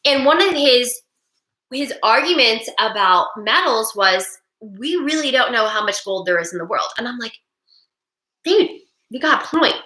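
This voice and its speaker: A middle-aged woman hosting a webinar, talking in an animated, rambling, emphatic way. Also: a little high, measured pace. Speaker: webinar host. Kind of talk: casual monologue. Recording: echoey room.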